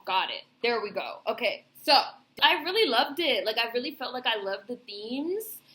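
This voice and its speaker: A woman's voice: fairly high pitch, big pitch swings, normal speed, pushed and bright, a little hiss or hum. A woman vlogger giving a casual, rambling film review, heavy on fillers and swearing.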